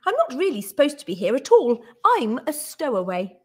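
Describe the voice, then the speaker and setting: A woman's voice: high-pitched, huge pitch swings, moderate pace. A teacher voicing a small, polite young male bear from Peru while reading a picture book aloud. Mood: polite earnest. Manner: polite, formal and earnest.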